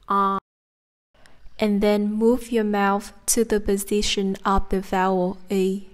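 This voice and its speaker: A woman with a Southern Vietnamese accent teaching a pronunciation lesson, carefully demonstrating each sound. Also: mid-range voice. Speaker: language teacher.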